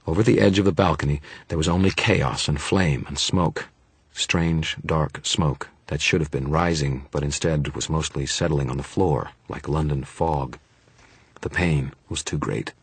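Very deep, husky male audiobook narrator. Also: unhurried, no echo. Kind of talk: first-person fantasy audiobook narration.

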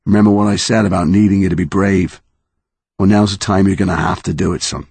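A man voicing a tired, grieving father who speaks quietly but firmly, in an audiobook. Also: low-pitched, fairly even intonation, quick pace, vocal fry, slightly rough, no room sound, pitched above the performer's own voice, heavily acted. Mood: weary.

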